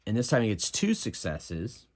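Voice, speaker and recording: A man's voice: on the low side, wildly swooping pitch, moderate pace. A man narrating a solo tabletop game as game master, in a casual manner that thinks aloud.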